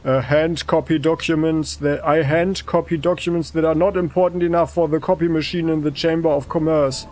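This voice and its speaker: A man voicing a nervous male clerk in a game who blurts out shouted words and then apologizes meekly. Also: a little high, steady tone, fairly quick, hardly any pauses, natural voice. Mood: sheepish.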